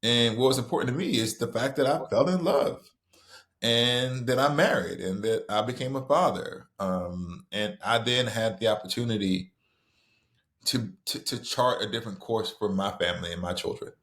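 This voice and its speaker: A middle-aged man from the American South with a Southern accent, an author guest telling a story in conversation, lively and full of restarts. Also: mid-range voice. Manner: animated, quick storytelling with many restarts.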